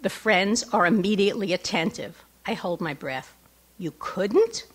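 A woman's voice: medium pitch, moderate pace, fairly bright tone. A middle-aged woman, an author, reads her personal essay aloud at a lecture with a wry tone, adding asides to the audience. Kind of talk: live reading with asides to the audience. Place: lecture hall before an audience.

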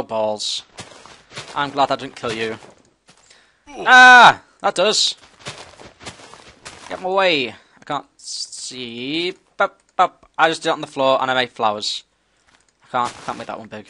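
A man giving casual, excitable commentary as he plays a game, talking to himself with sudden yelps. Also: mid-range voice. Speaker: gameplay commentator.

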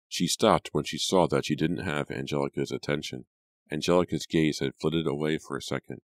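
A man reading a novel aloud as audiobook narrator, measured and deliberate. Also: rumbling low, steady tone, no echo, studio quality. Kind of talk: scripted narration.

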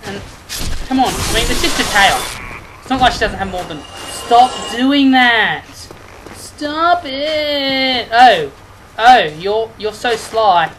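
A woman doing let's play commentary, excitable and trash-talking the enemies she fights. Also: on the high side, slow, background noise. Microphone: headphones and desk mic. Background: game music.

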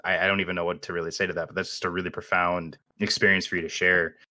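Low-voiced man hosting a thoughtful interview. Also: little pitch movement, very fast, sharp tone. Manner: thoughtful, affirming. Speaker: interviewer, host. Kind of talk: reflective conversational interview.

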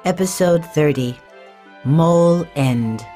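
Slow, low-voiced woman narrating a story. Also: warm tone, soft background music.

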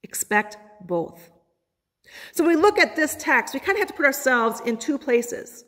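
A woman pastor delivers a sermon in a church sanctuary, slowing down and pausing to quote scripture. Her voice sits a little higher than most, and it rings out with a long reverb in the hall. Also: very animated, a bit bright. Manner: preaching, quotes scripture with dramatic pauses.

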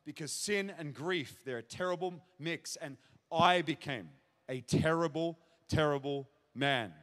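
Man, pastor, testimony sermon, high-pitched voice, long echoing hall reverb. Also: unhurried. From Australia. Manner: storytelling, acts out shouted child's cries. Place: large church auditorium.

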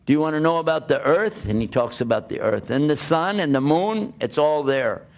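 Gravelly-voiced man preaching with animated questions. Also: fairly high pitch, normal speed. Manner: animated, plays out quoted voices and asks rhetorical questions. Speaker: Islamic preacher. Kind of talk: religious talk to an audience.

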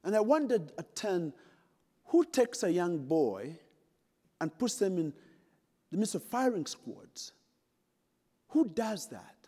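Speaking directly to his audience, a middle-aged Ugandan keynote speaker tells a dramatic story laced with humor. His high, mellow voice has a sing-song quality, and he speaks slowly with frequent pauses. Long hall reverb fills the large conference space.

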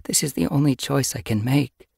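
A man's voice: mid-range voice, moderate pace, creaky, a little mellow, slightly rough, no echo, clean studio sound, voice pushed up. A man voicing a young female medicine cat, speaking with strained emotion and pleading. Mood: resolute.

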